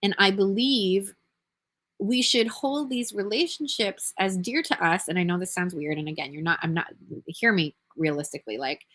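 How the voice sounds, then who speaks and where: Earnest, bright-voiced woman business coach. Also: fairly low pitch. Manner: earnest, emphatic, talks fast. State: tired. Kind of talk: motivational talk to camera.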